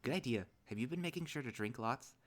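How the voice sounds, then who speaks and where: A man's voice: medium pitch, lively intonation, quick pace, voice pushed up, lightly acted. A man voicing an eager, fussy young male lynx who keeps worrying over his hiking partner. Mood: upbeat. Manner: eager, worried, babbling.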